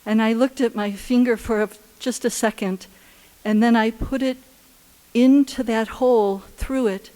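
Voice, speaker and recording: A woman telling a personal story live on stage at a story slam, earnest and unhurried, with halting restarts. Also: on the high side, darkish tone.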